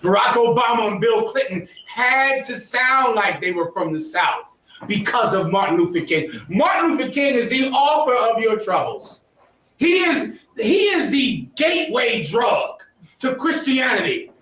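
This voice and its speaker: High-voiced emphatic man lecturing in echoey room. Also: very animated, a little slow, a bit bright. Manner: emphatic, preachy, asks the class questions. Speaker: history class teacher. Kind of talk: lecture to a class. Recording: echoey room, mic far off.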